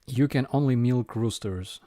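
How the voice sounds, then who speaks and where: A man's voice: medium pitch, a little slow, warm tone, no echo, clean studio sound. A man with a Ukrainian accent hosting a casual live viewer Q&A, hesitant with many fillers and restarts.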